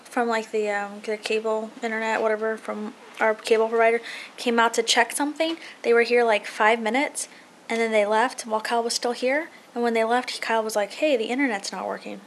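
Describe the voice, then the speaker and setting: A young woman chatting casually to a handheld camera at home, telling an animated story for her family vlog. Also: a little high, slight background noise. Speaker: family vlogger. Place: house being painted, indoors.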